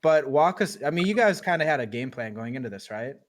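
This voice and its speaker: A man's voice: medium pitch, animated, quick pace. A man, an esports caster, interviewing players in a casual, easygoing way. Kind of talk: interviewing players after a match.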